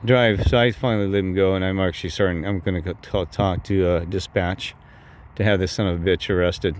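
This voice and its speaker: A man with a lowish voice rants through a personal story, cursing and circling back on himself. His pitch leaps up when he quotes his own angry words. Faint noise hums behind him. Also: steady tone, brisk. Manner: heated, cursing, repeats "I said" often, voice jumps higher when quoting himself. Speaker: vlogger telling a personal story. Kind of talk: rambling angry storytelling to viewers.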